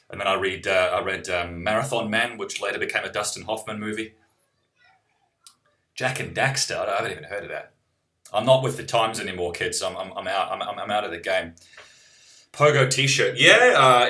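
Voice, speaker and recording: A man's voice: sits low, sharp tone. A young man from New Zealand, rambling and wry, chatting casually while reading out viewer questions on a live stream. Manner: rambling, self-interrupting, wry.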